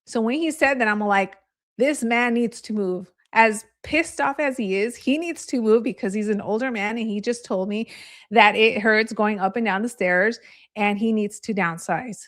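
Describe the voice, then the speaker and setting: A woman's voice: mid-range voice, normal speed, fairly bright tone. A woman real estate agent giving a live training, telling candid stories in a chatty way and laughing easily.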